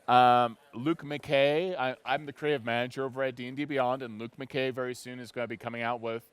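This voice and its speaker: A man being interviewed at a live convention, talking in a rambling, excitable way and laughing often. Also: mid-range voice, brisk, smooth. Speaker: guest, creative manager.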